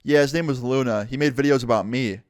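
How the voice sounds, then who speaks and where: A man's voice: mid-range voice, fast talker, no room sound, studio quality, close to an everyday voice. A man voicing a chatty, friendly young woman who works as a massage therapist, in a casual retelling.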